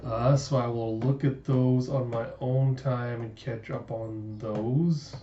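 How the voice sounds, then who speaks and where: A man's voice: medium pitch, steady tone, takes it slowly, dark tone, roomy sound, muffled recording, a little hiss or hum. A man narrating a comic book readthrough, reading the characters' dialogue aloud between chatty asides, sighs and groans.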